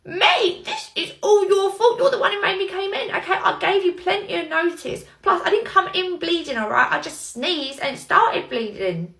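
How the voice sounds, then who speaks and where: A woman's voice: very high voice, expressive, normal speed, gravelly, few pauses, pushed and bright, exaggerated voice. A woman playing a defensive young nursery nurse, protesting and laughing nervously. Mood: indignant. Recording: roomy echo, faint noise.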